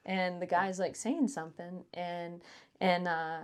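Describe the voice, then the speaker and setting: A woman's voice: on the low side, steady tone, a little slow, bright, forceful tone, slight background noise. A woman co-hosting a podcast, telling a work story in a rambling, laughing way with lots of fillers. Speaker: podcast co-host. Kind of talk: casual storytelling chat.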